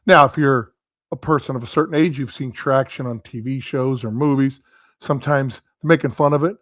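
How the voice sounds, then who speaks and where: A man's voice: mid-range voice, dry recording, clean studio sound. A man, a guest expert, telling a long anecdote in a casual conversational way, acting out quoted dialogue and tagging points with "right?". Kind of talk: casual storytelling talk.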